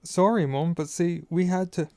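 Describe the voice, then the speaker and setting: A man's voice: fairly high pitch, fairly even intonation, normal speed, warm tone, dry recording, studio quality, pitched above the performer's own voice, lightly acted. A man voicing a teenage boy with a jaunty, would-be charming manner in an audiobook. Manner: jaunty, trying to sound charming. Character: cheerful teenage boy talking his way out of trouble.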